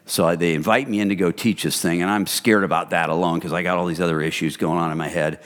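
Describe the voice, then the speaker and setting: A man preaching a sermon in a conversational, animated storytelling manner, often speaking directly to the congregation. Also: low-pitched, quick pace. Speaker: pastor. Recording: long hall reverb.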